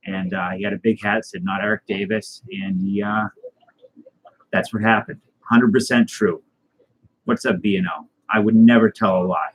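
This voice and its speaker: A man hosting a casual live stream, rambling through a deadpan tall tale and chatting with viewers. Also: lowish voice, normal speed, slightly rough, low-quality recording. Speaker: host.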